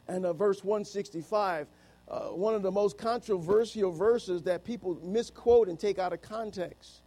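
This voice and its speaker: A man in his fifties preaching a sermon with an unusually high voice for a man. He drives his points home with emphasis, slips into the voices of imagined doubters, and rises to shouts on key words.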